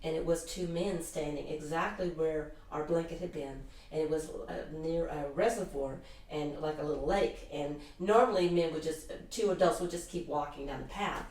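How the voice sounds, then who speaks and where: A middle-aged woman spins a long, meandering personal story, restarting her sentences as she goes. Her voice sits fairly low. She is caught from a distance in a very echoey room. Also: moderate pace, hardly any pauses. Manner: animated, rambling anecdotes with many restarts. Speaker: guest, intuitive healer. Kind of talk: casual interview storytelling. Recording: roomy echo, distant mic.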